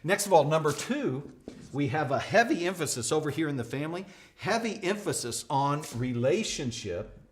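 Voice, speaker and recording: A man's voice: fairly high pitch, big pitch swings, normal speed, slight background noise. A middle-aged American man teaching a leadership lesson at a whiteboard, talking emphatically and acting out quoted voices. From United States. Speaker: leadership trainer.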